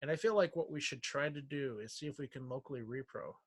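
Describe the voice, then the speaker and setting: A man's voice: medium pitch, breathy edge, no room sound. Man thinking aloud on a dry video call. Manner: thinking aloud, halting restarts. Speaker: software engineer in triage meeting. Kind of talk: casual work meeting.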